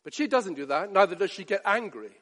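A man preaching a sermon, animated and often putting questions straight to his listeners. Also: high-pitched, a little fast. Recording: long hall reverb.

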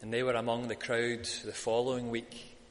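A man preaching a sermon, building to loud, emphatic peaks when he quotes a crowd. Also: mid-range voice, level tone, normal speed, long reverb tail. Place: church.

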